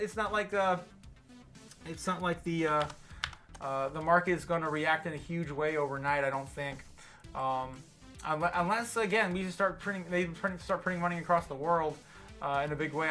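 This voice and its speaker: A man with an American accent and a fairly high, sharp voice hosts a livestream. Slightly tipsy, he offers casual market commentary, rambling with lots of fillers and restarts.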